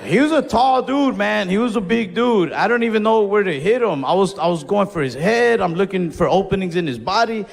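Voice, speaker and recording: A young man doing stand-up, telling a story with animated, profane, self-mocking energy on a comedy club stage. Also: high voice, a little fast, creaky, hardly any pauses, some chatter behind. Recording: live club with reverb and faint noise.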